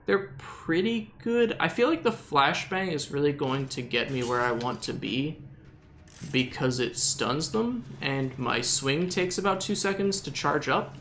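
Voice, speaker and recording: A man's voice: a little high, animated, a little slow, fairly bright tone, a little hiss or hum. Joking Southern man gaming. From Southern United States. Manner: joking, exasperated, rambling. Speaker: gameplay commentator. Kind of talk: casual gameplay commentary.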